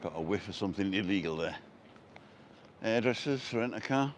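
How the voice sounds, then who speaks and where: A man's voice: fairly low pitch, expressive, moderate pace, a little hiss or hum. An Englishman giving a casual, jokey walking tour outdoors, chatting about the shops he passes. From England. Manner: chatty, jokey, chuckles at his own quips. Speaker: vlogger. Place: outdoors on a street.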